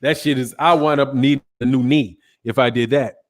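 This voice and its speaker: A man's voice: medium pitch, fairly even intonation, fairly quick. A middle-aged man hosting a boxing channel, chatting casually and a little tiredly, rambling with slang and self-corrections as he reads viewer comments. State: tired, yawning. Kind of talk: casual livestream chat reading viewer comments.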